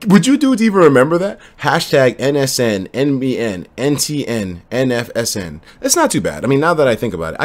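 A man hosting a live stream, chatting casually and reacting loudly to viewer messages, laughing often. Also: mid-range voice. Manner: animated, swings from mumbling to loud disbelief, laughs often. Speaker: livestreamer. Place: home streaming setup.

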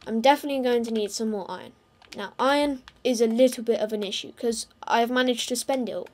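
A woman's voice: fairly high pitch, fairly quick. A woman giving casual gameplay commentary, playfully talking to and teasing her game animals. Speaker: gamer.

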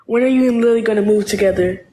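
A man's voice: high voice, warm tone. A man joining a live stream as a guest who talks nervously, stalling with ums between his questions. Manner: nervous and halting, full of ums. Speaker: livestream guest. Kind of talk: casual livestream chat. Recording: echoey room.

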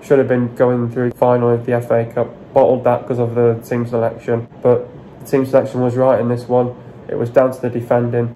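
A man's voice: mid-range voice, dark tone, slight background noise, rough recording. A man giving a frustrated match analysis on his vlog, blunt, sweary and repeating his complaints. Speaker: football fan vlogger.

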